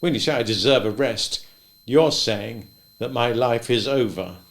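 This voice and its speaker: A man voicing a wry, stubborn old male farmer who speaks gently and thoughtfully, a bit louder than his narration. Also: medium pitch, measured pace, vocal fry. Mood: wistful.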